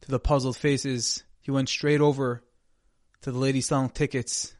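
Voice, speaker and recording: Man, mid-pitched, earnest sermon storyteller, dry close mic. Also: flat delivery, normal speed, a little mellow, no echo. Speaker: speaker giving a Torah talk.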